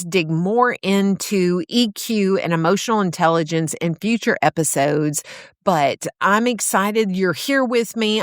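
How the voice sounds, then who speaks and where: A middle-aged woman hosts her own podcast and talks in a slow, meandering way, full of fillers and restarts. Her voice sits at a middle pitch. It is recorded close and dry, with no room sound. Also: dry recording. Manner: warm storytelling with fillers and restarts. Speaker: podcast host. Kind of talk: solo podcast talk.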